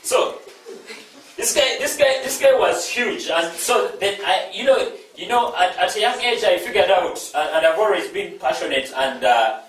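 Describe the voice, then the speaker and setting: Man, from East Africa, inspirational speaker, animated storytelling, fairly high voice, far off in a very echoey hall. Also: moderate pace. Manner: animated, repeats phrases, asks the audience questions. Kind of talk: storytelling talk to a live audience.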